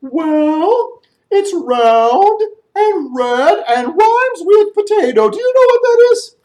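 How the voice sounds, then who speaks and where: Excited high-voiced elephant. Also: male voice, slow pace, roomy sound, exaggerated voice. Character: big eager elephant with a booming entrance. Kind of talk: children's storytelling.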